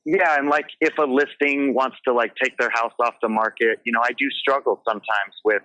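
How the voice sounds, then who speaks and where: A man speaks with a bright, forceful tone. He tells his stories earnestly and passionately. The recording is dry and close to the mic. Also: medium pitch, fairly even intonation, a little fast, dry recording, dull audio. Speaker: guest, realtor. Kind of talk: casual interview talk.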